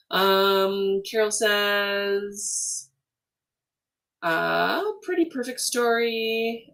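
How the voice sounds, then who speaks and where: A woman's voice: fairly low pitch, gravelly, recorded from a distance. Chatty Canadian woman livestream host. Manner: chatty and animated, laughs often, many ums. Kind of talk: casual livestream chat reading comments.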